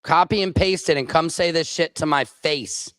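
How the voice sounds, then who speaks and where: A man's voice: a little high, normal speed, fairly bright tone, no room sound. A male comedian hosting his own show, delivering an angry, profane political rant with heavy emphasis.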